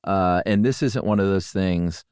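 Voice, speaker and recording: Middle-aged man, lowish voice, laid-back podcast co-host, dry close studio mic. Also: unhurried, clear, resonant tone, dry recording. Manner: relaxed, rambling, full of fillers. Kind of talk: casual chat.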